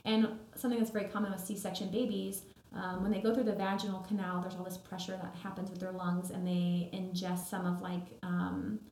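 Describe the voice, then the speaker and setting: A young woman with a low, gravelly voice recounts her own story as a podcast guest. Her delivery is earnest and tender, broken up by small fillers. The room around her sounds echoey, and her tone is dark and mellow. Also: level tone, a little fast, few pauses. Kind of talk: personal story in interview.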